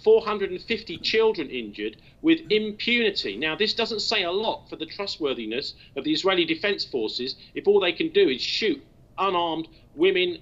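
A man's voice: sits high, expressive, moderate pace, fairly bright tone, dull audio. A male journalist arguing as a guest on a TV debate, insistent and building to indignation. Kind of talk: heated TV debate argument.

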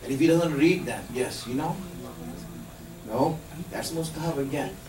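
A man's voice: on the high side, moderate pace, a crowd in the background. A man giving a religious lesson to a live group, explaining patiently and quizzing his listeners with questions. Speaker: religious teacher. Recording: echoey room, distant mic.

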